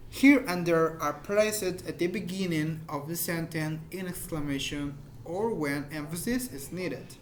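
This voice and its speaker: Man, high voice, informal English teacher, patient repeated examples, slight hiss. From Mexico. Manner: explains slowly with repeated examples, searches for words. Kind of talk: informal grammar lesson.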